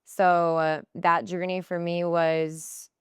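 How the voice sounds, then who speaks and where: Woman, podcast guest, lowish voice, smooth and clear, playful quoting voices, dry close sound. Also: slow, dry recording. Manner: animated, quotes herself and others in high playful voices. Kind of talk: conversational interview storytelling.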